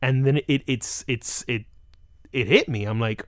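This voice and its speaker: A man in a casual interview, telling comic stories and slipping into short acted-out quotes. His pitch sits in the middle and jumps around. The sound is dry and close. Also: unhurried, dry recording. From South Florida. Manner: animated, acts out quotes with laughs. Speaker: comedian guest.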